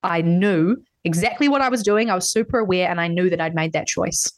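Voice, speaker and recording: A woman's voice: on the low side, fairly quick. A woman hosting a podcast, chatting candidly and swearing freely as she tells personal stories. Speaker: podcast host. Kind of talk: casual podcast chat.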